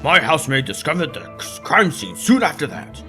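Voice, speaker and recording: A man's voice: fairly high pitch, sing-song, normal speed, pushed and bright, faint music behind. A man voicing a creepy, overly courteous aristocratic male bird baron. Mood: polite. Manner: courteous, oily, faux-French address. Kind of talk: let's play character voicing.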